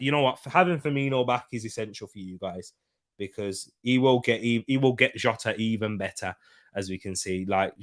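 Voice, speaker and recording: A man's voice: mid-range voice, a bit bright. A young man hosting a live football watchalong, chatting casually, bantering with viewers and laughing often. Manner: bantering, laughs often, reads chat comments aloud. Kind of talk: casual live-stream chat.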